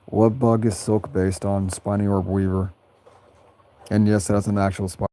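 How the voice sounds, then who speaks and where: A man casually answering viewer questions about his characters on a livestream, halting and repeating phrases, often breaking into high laughter. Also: level tone, mellow.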